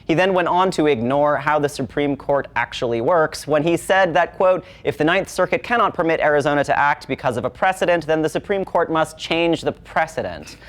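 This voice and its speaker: A man's voice: fairly high pitch, fairly quick, few pauses. A man anchoring a satirical local newscast, reading in a sardonic, editorializing way. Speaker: news anchor.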